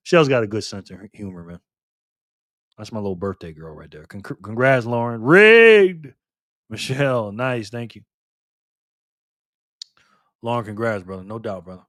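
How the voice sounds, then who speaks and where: A middle-aged man hosting a casual live stream, lively and teasing, laughing often as he reacts to chat. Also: lowish voice, moderate pace, pauses often, no room sound, studio quality.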